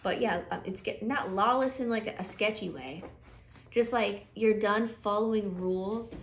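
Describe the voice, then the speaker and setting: A woman's voice: mid-range voice, measured pace, noisy background. A woman giving a casual, chatty tarot reading, thinking aloud with frequent fillers and restarts. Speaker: tarot reader.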